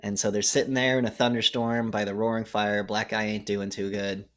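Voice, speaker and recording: Low-voiced man recapping a movie. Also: fairly quick. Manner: animated storytelling, acts out quotes. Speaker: podcast co-host. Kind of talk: casual movie recap chat.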